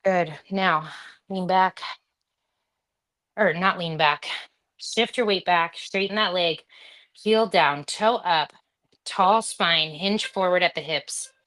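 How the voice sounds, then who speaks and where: Slow-talking woman fitness instructor. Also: lowish voice, a bit bright. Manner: chatty, cueing reps and breaths, talking to her dog between cues. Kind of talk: live workout class instruction.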